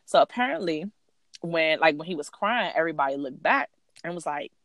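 Lively, swearing woman telling a story. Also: low-pitched, a little fast, no echo, clean studio sound. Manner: animated, profane, heavy on fillers. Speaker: podcast co-host. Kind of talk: casual storytelling chat.

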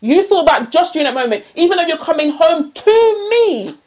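A woman, co-hosting a podcast in casual, animated, playfully dramatic chat. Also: very high voice, fairly quick. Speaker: podcast co-host.

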